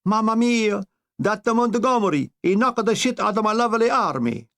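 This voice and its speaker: A man's voice: high-pitched, expressive, moderate pace, fairly bright tone, voice pushed up. A man voicing a pompous, panicky male dictator with a comic Italian accent. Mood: blustering. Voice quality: bombastic, panicky.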